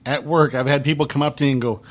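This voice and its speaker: A man's voice: mid-range voice, fairly even intonation, quick pace. A man on a casual podcast panel, telling anecdotes from his work. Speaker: podcast co-host. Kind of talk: casual roundtable chat.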